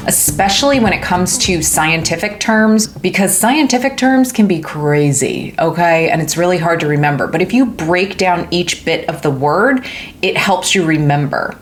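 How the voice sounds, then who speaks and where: A woman's voice: lowish voice, moderate pace, over music. A woman hosting a casual science explainer video, joking and playful as she teaches. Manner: playful, jokey, animated delivery. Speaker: educational video host.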